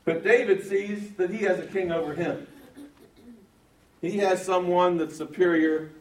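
Man, preacher, Bible sermon, fairly high voice, emphatic, asks the crowd questions, church room, distant mic. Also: fairly even intonation, unhurried. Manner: emphatic, shifts from quiet to loud, asks the audience questions. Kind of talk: sermon, verse-by-verse Bible teaching. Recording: roomy sound from a distance.

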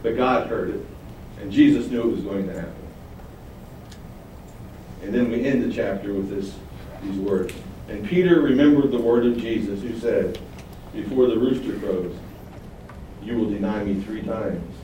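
A man preaching a sermon, animated, acting out quoted lines with sudden rises. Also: lowish voice, moderate pace. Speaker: pastor. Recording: very echoey room, distant mic, faint noise.

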